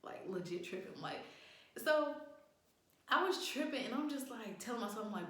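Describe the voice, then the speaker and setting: A woman's voice: a little high, normal speed. Young woman vlogger, loose and profane, telling a storytime; very echoey room. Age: young adult. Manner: animated, profane, acts out quotes. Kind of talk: casual storytime chat.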